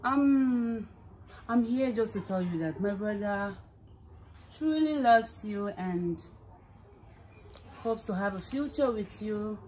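A woman's voice: medium pitch, lively intonation, slow pace, pauses often, slight background noise, low-quality recording. An actress with a Nigerian accent playing a young woman who pleads and coaxes on her brother's behalf. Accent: Nigerian English. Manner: coaxing, pleading. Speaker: actress in a film scene. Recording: film scene with loud background music.

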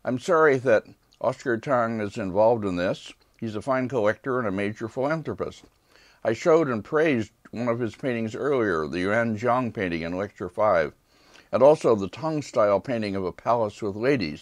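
An older man lecturing on art history from a prepared script, with calm, measured delivery and brief asides asking for the next slide. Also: fairly low pitch, no room sound. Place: lecture hall.

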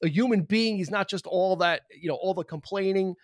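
A man with a high voice talks quickly, rambling through his points and padding them with fillers. His voice sounds close and dry, with no room echo. He is co-hosting a relaxed podcast chat about a movie. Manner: rambling, fills with "you know". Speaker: podcast co-host. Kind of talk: casual movie discussion.

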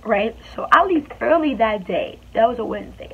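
Female vlogger, animated chatty storyteller, slightly high voice, tinny lo-fi sound. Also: moderate pace, hardly any pauses. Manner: animated, chatty retelling with emphatic repeats. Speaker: beauty vlogger. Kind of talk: storytime vlog. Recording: tinny phone-like sound with faint hiss.

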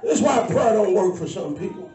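A woman preaching a sermon to a congregation, shifting between low asides and loud shouting. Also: expressive, brisk, recorded from a distance, a faint crowd. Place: church sanctuary. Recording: echoey church, mic from afar. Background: faint congregation.

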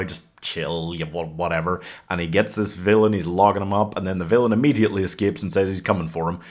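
A young man reviews a film in an offhand, wry, chatty way. His voice sits slightly low for a man, and he sounds at ease. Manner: casual, wry, conversational. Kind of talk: casual movie review.

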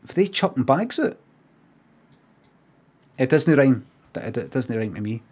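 A man's voice: mid-range voice, measured pace, slightly rough. Scottish man, middle-aged, casual stream chat, rambling, swearing, mocking voices. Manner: rambling, swears freely, mocks signs in lively put-on voices.

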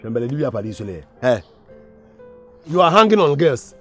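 A man's voice: medium pitch, sing-song, normal speed, soft background music. Bossy Ghanaian man barking orders. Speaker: senior student bullying juniors. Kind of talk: comedy skit acting.

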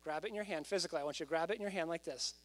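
Pastor, male, delivering a lively sermon that builds to loud, emphatic stretches; faint electrical hum underneath. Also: fairly high pitch, racing. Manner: animated preaching, rising to loud emphasis.

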